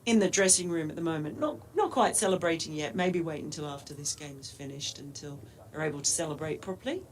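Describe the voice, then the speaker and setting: A woman calls a cricket match live from the commentary box, describing each ball and chatting between deliveries. Her voice sits a little low for a woman, and she talks easily and laughs readily. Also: fast, a little hiss or hum.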